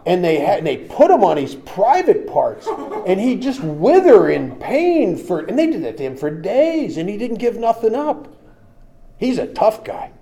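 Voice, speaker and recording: Man, recovery-story speaker; plain-spoken, humorous, slightly higher voice. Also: moderate pace, gravelly, crowd noise. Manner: plain-spoken and humorous, shifting between lively and quiet. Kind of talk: personal storytelling talk.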